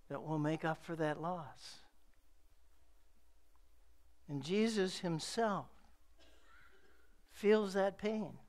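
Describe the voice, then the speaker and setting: Middle-aged pastor guy, highish smooth voice, slow measured sermon, hits the repeats hard. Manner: slow, measured preaching with emphatic repetition.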